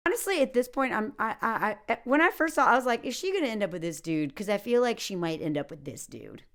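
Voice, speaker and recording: A sarcastic woman gives a casual movie review, with a voice that sits a little high and swings widely in pitch. Her tone is mocking, and she often slips into a put-on Southern drawl to poke fun at what she describes. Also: sing-song, quick pace, fairly bright tone. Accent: Southern American put on for jokes. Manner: sarcastic, mocking, jumps into exaggerated character voices.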